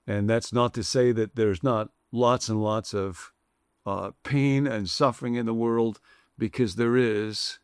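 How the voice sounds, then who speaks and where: A man's voice: on the low side, steady tone, a little slow, clean tone, dry recording, clean studio sound. A man preaching a sermon in a conversational, reflective way, shifting his emphasis often. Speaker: pastor.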